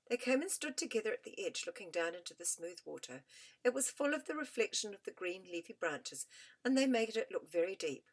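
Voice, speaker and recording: Woman reading a storybook with lively intonation. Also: mid-range voice, a little fast. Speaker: audiobook narrator.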